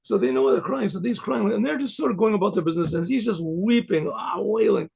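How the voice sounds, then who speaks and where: A man's voice: high-pitched, brisk, darkish tone. A man, a rabbi, telling a story in a rambling, conversational way with frequent restarts. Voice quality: gravelly, husky voice. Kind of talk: storytelling talk.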